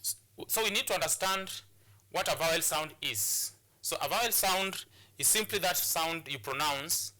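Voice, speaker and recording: Kenyan guy teaching on tv, very bright voice, lots of uh and repeats. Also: a little high, moderate pace. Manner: repetitive, hesitant with many fillers. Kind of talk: televised classroom lesson.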